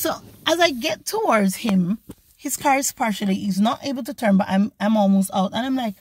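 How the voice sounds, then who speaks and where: A woman, a vlogger, retelling a story in an animated, indignant way. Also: on the high side, normal speed, husky. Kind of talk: storytelling to camera.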